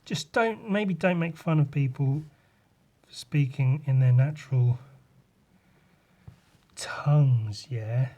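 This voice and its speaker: A man's voice: mid-range voice, slow, pauses often, mellow. Man, young adult, English accent, sarcastic, sweary, rambling solo podcast. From England. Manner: talks while drawing. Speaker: podcast host, artist.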